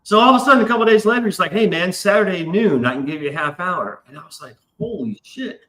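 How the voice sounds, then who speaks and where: A man's voice: high-pitched, very fast, pushed and bright, roomy sound, low-quality recording. A man hosting a casual live stream, telling a long rambling story and swearing freely. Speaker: stream host. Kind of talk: casual chat.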